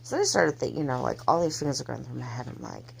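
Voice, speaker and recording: A woman telling a personal story in a casual, halting way, with many pauses and restarts. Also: rumbling low, big pitch swings, vocal fry, a little hiss or hum. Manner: halting, hesitant, soft-spoken delivery. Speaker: mother telling her family's story.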